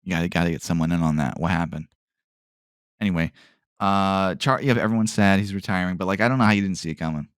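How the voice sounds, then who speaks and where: A man's voice: low voice, fast, clear, resonant tone, no room sound, clean studio sound. A man hosting a solo podcast in a casual, rambling way, often trailing off with "I don't know" and asking himself questions, with sarcastic asides. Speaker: podcast host.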